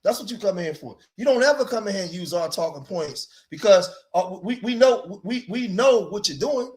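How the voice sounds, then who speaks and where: A man's voice: high-pitched, expressive, a little fast, darkish tone. Emphatic streaming commentator, man. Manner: preachy, emphatic, repeats himself, keeps saying "man". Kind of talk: livestream commentary.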